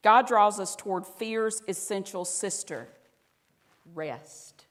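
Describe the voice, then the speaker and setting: A woman's voice: medium pitch, takes it slowly. Southern woman pastor preaching in a hall. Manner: conversational preaching, drops to soft intimate tones. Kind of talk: sermon. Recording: reverberant hall.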